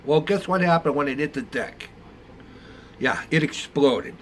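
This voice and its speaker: A man's voice: fairly high pitch, a little slow, slight background noise. Older man, rambling hobby storyteller. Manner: rambling, conversational, with many fillers. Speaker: model ship builder. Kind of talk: casual storytelling.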